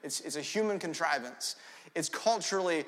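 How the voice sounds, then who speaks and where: Young male pastor, high bright tone, lively storytelling sermon, long hall reverb. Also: moderate pace. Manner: animated, storytelling, frequent "right?" asides. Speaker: preacher.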